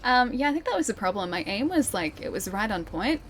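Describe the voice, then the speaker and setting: A young woman with an Australian accent chats through a game as a streamer, laughing often and joking at her own expense. Her voice sits at an ordinary middle pitch for a woman, and a faint ambient hum lies under it. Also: sing-song, fairly quick, fairly bright tone. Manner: chatty, giggly, self-deprecating. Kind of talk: casual gameplay commentary.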